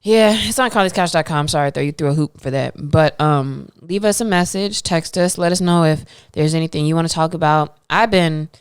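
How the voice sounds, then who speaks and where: Female podcast co-host, low and smooth, dry close sound, laid-back and chatty. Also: brisk, hardly any pauses, no room sound. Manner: relaxed and chatty, slangy, trails off with fillers. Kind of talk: casual podcast chat.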